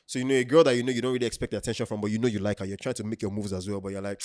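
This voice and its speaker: A man in his thirties with a Nigerian accent, a podcast co-host telling stories in a lively, laughing way. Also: fairly low pitch, very fast, dry recording, clean studio sound. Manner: animated, laughs often, acts out quotes. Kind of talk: casual storytelling chat.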